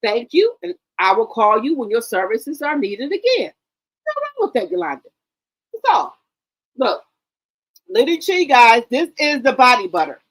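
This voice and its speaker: High-voiced chatty woman talking to viewers. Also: big pitch swings, a little slow, low-quality recording. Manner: loud, chatty, swears freely, repeats herself. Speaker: gossip channel host. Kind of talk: casual chat to camera.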